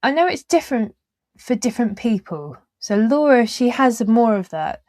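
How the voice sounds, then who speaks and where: A woman's voice: fairly high pitch, big pitch swings, normal speed, a little mellow, dry recording. A woman hosting a casual interview, talking in meandering, trailing sentences with frequent fillers and easy laughs. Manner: laughs easily while talking. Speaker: podcast host.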